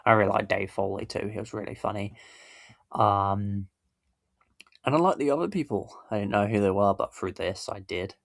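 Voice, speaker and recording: A man's voice: fairly low pitch, moderate pace, vocal fry, no echo, clean studio sound. A man hosting a casual reaction video, rambling and correcting himself with little chuckles. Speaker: YouTube reaction host.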